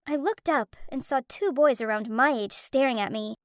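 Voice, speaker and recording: A woman narrating an animated story in the first person, emotional and dramatic, on a close studio mic. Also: sits high, normal speed, dry recording.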